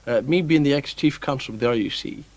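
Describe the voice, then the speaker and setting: A man's voice: medium pitch, fast talker, a little mellow, no echo, close to an everyday voice. A man putting on a prim, hesitant former male police chief who speaks very properly. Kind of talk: comic sketch impression.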